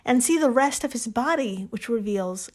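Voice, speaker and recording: A woman's voice: fairly high pitch, expressive, moderate pace. A woman co-hosting a podcast in casual chat, wry and chatty, laughing often. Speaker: podcast co-host.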